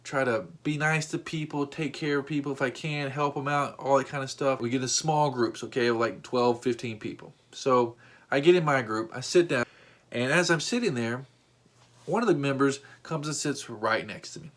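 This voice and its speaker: A man's voice: medium pitch, normal speed. A man hosting a storytime vlog, telling an exasperating story with rising outbursts. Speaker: vlog host.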